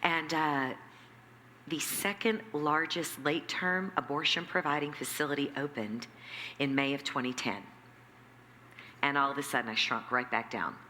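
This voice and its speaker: A woman who runs a nonprofit, telling her story in an interview with lively acted-out quotes and emphatic repetition. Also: low voice. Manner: animated, acts out quoted dialogue, emphatic repetition. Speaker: nonprofit CEO, interview guest. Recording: echoey hall with faint background noise.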